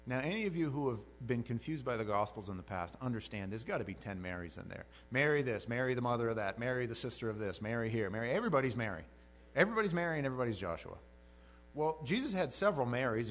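Animated male pastor preaching. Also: medium pitch, fast talker. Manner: animated storytelling, acting out voices. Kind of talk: sermon. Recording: mains hum.

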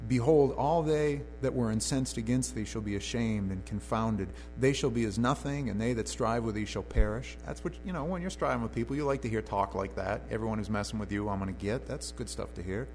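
A man's voice: mid-range voice, darkish tone. A man preaching a conversational sermon in a church, reading scripture aloud and then explaining it in plain talk.

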